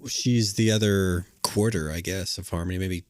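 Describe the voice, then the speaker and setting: Low-voiced thoughtful man co-host. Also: fairly even intonation, moderate pace, darkish tone. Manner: thoughtful, hesitant, dry humor. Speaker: podcast co-host. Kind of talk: casual chat.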